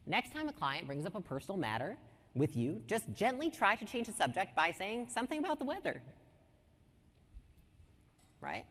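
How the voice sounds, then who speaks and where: A woman in her thirties giving an energetic business workshop, blunt, swearing casually and asking her audience questions. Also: medium pitch, moderate pace, pauses often, in a large hall. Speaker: business speaker teaching a workshop.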